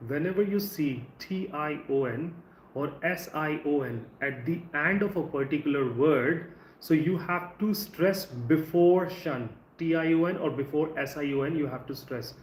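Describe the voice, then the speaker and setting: A man with an Indian English accent teaching English in a live stream, speaking conversationally and drawing out words slowly to show word stress. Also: on the high side. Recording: echoey room with faint ambient noise.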